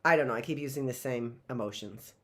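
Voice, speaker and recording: A woman's voice: rumbling low, fast. A middle-aged woman teacher giving a chatty, playful online lesson, often exclaiming. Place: home classroom setup.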